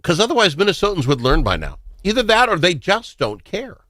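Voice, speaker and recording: Male talk radio host, opinionated and teasing, very animated delivery. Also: high voice, brisk, dry recording.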